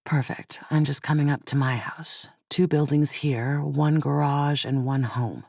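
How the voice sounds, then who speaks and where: A woman reading an audiobook voices a man who speaks quietly, low and clipped, over an earpiece. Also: fairly even intonation, unhurried, creaky, no echo, studio quality, exaggerated voice. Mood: terse. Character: male partner on an earpiece, calm and terse. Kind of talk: audiobook character voice.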